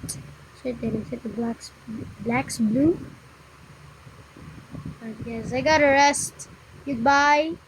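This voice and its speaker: A woman giving casual game commentary, talking through moves in a rambling, halting way and often stopping to apologize. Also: high voice, steady tone, background noise. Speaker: gameplay tutorial narrator.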